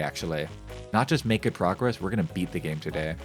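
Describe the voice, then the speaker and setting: A man's voice: sits low, lively intonation, quick pace, music in the background. A male streamer giving casual, joking commentary while playing a game, rambling and reading game text aloud. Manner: repeats phrases in shifting voices.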